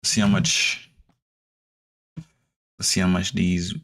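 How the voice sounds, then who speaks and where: Gravelly low-voiced man muttering over charts. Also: monotone, slow pace, long pauses, fairly bright tone. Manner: mutters and talks to himself, hums; playful slang asides. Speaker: trader streaming his charts. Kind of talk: casual chart commentary.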